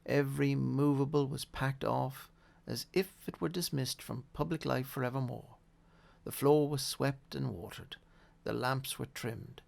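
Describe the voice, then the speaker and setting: A man reading a classic story aloud in a measured, expressive way. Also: mid-range voice, vocal fry. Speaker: audiobook reader. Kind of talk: storybook narration.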